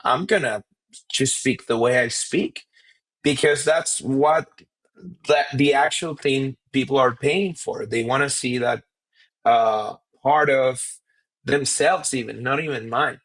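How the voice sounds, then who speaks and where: A man's voice: medium pitch, a bit bright, rough recording. Thoughtful comedian man from Venezuela. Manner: thoughtful, halting, many restarts. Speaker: comedian guest. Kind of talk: casual conversation.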